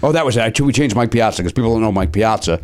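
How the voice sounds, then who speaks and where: Lively-voiced man in casual banter. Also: lowish voice, rapid-fire. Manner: animated, jokey, slips into loud put-on voices. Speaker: podcast co-host. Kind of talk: casual comedic chat.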